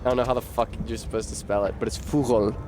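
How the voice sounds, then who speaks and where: A man's voice: medium pitch, steady tone, quick pace. A man giving live, joking, profane commentary while streaming a game. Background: game music.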